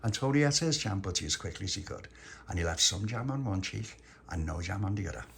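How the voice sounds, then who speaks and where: A man's voice: low-pitched, animated, fast talker, gravelly, slight background noise. A man telling a rambling, made-up children's story and chuckling at his own jokes. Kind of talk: improvised bedtime-style storytelling.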